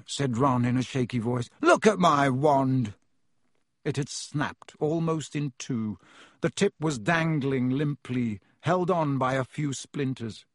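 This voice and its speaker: A man narrating a storybook in a steady, expressive storytelling voice on a close mic. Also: a little high, slightly rough, no echo. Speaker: audiobook narrator.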